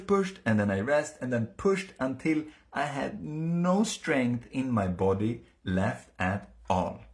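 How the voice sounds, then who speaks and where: A man with a mid-range voice tells a personal story in a casual, earnest way. He halts often, using fillers and restarting sentences.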